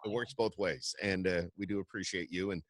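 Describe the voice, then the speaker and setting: A man's voice: deep voice, brisk, dry recording. A man hosting a casual podcast interview over a video call, joking around with frequent stammered restarts. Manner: jokey, rambling, with stammered restarts. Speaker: podcast host.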